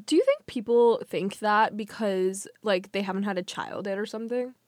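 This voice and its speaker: A woman's voice: mid-range voice, normal speed, darkish tone, dry recording, clean studio sound. A young woman co-hosting a podcast in casual chat, teasing and giggling often. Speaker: podcast co-host.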